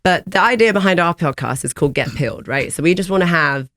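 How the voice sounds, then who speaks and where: A woman's voice: fairly low pitch, animated, fast, a bit bright, no room sound. A woman with an English accent hosting a podcast, chatting in an upbeat, talkative way. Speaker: host. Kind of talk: casual podcast chat. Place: gym facility.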